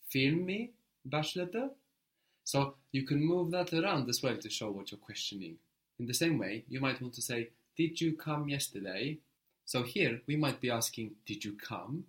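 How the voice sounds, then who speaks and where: A man teaching a language lesson, prompting a learner and repeating answers slowly and patiently. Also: mid-range voice, animated.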